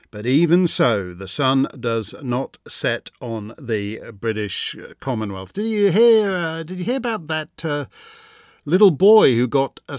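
A man's voice: mid-range voice, a bit bright, no echo, studio quality. A middle-aged man hosting a show, with a wry, theatrical delivery, reading listener questions and musing with frequent "uh"s. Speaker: host. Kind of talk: podcast monologue and listener questions.

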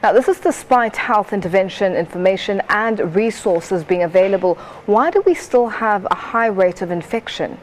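A woman leads a broadcast news interview. She asks her questions in a crisp, formal news manner. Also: mid-range voice, normal speed, hardly any pauses, slight background noise.

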